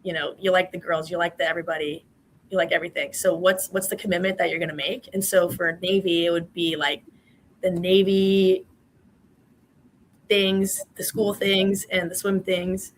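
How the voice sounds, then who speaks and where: A woman's voice: on the low side, little pitch movement, moderate pace, rough recording. A woman in her twenties, a former college swimmer, answering interview questions in a chatty way with many fillers.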